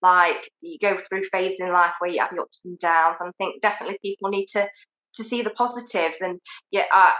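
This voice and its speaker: A woman's voice: fairly low pitch, fairly even intonation, fairly quick, sharp tone, echoey room, muffled recording. A British woman, guest on a podcast, cheerful and giggly in casual interview chat, with many fillers. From United Kingdom.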